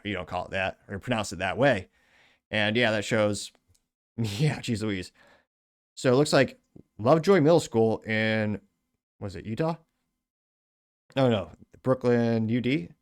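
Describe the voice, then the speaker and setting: A man hosting a commentary show, reading viewer comments aloud and adding blunt, sarcastic asides. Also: mid-range voice. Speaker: host.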